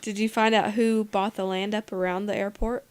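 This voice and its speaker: Woman, podcast co-host, smooth clear voice, relaxed, lots of "like". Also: medium pitch. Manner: relaxed, drawn-out telling with fillers like "like" and "um". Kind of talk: casual group podcast chat.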